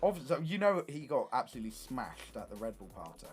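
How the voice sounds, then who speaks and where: A young man streaming, telling stories in casual chat, animated and swearing often. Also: medium pitch, fast talker.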